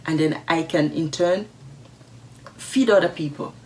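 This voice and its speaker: A woman's voice: sits low, unhurried, a little mellow, a little hiss or hum. A woman vlogger reading viewer letters aloud and commenting on them in a casual, emphatic, outspoken way, repeating her points for stress.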